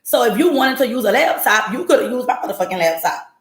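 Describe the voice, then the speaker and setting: A podcast host with a fairly high, lively voice talks fast over her home livestream setup, and the room gives it a reverberant sound. She tells her story bluntly, swearing as she goes and addressing her chat directly.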